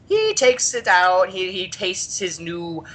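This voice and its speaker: A podcast host telling a story in an animated chat, laughing often. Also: medium pitch, slow pace.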